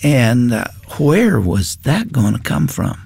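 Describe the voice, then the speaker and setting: An older man telling a personal faith story in an earnest, unhurried way. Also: medium pitch, wildly swooping pitch, creaky, darkish tone, slightly rough, no echo. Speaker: guest. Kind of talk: personal testimony in conversation.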